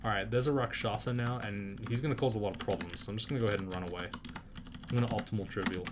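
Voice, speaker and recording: A fairly low-pitched man talks very fast in casual, profane gameplay commentary, erupting indignantly at enemies. The recording has background noise and loud keyboard clicks picked up by the mic.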